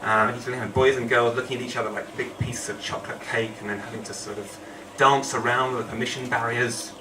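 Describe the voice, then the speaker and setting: A man's voice: medium pitch, fairly even intonation, fairly quick. A man telling a true story on stage at a storytelling night, rambling and self-deprecating with humour. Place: event hall. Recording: echoey hall, distant mic, noisy.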